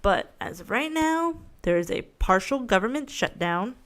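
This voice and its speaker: A woman's voice: on the high side, very animated, moderate pace, fairly bright tone. A woman hosting her own podcast in a casual solo rant, rambling, frank and swearing freely, often poking fun at herself. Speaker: podcast host.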